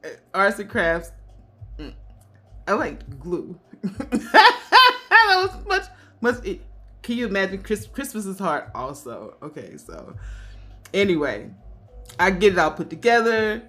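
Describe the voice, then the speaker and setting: Woman, 50s, bright-toned vlogger, casual storyteller who laughs a lot. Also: medium pitch, a little slow, long pauses, husky. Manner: chatty, laughs often, quotes others in animated voices.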